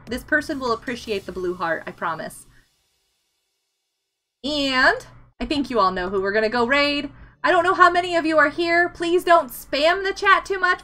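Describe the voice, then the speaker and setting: A woman live streaming a game, excitable and chatty, laughing and yelling at what happens on screen. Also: sits high.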